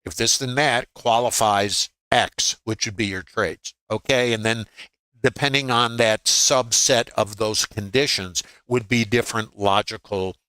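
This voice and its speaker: An older man talks through a live trading webinar in a loose, conversational way, pausing on fillers and slipping in dry jokes. His voice sits a little low but carries a bright, forceful edge. The sound is close and dry, with no room around it. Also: smooth, dry recording, rough recording. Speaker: trading educator.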